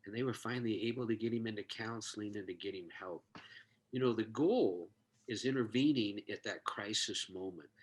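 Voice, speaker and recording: A man's voice: fairly low pitch, fairly quick, slightly rough. A man telling a heartfelt story in conversation, earnest and moved, acting out the dialogue he recounts. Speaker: guest, suicide prevention expert.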